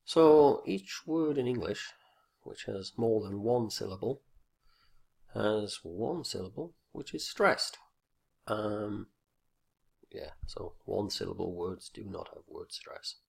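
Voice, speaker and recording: Male teacher trainer, husky and unhurried, instructional video. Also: lowish voice, expressive, darkish tone. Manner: slow, deliberate explanation with fillers and exaggerated example words.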